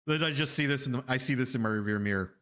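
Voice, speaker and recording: Animated rambling man with a bright voice. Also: racing, smooth. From Florida, USA. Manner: animated, rambling, repeats himself, laughs often; acts out the people in his stories with sudden high loud bursts. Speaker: streamer telling stories. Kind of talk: casual storytelling to a live chat.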